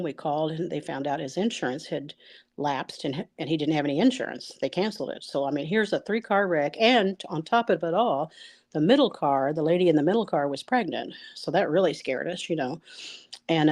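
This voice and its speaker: A middle-aged woman telling a personal story out loud, rambling and halting, with many fillers and restarts. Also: deep voice.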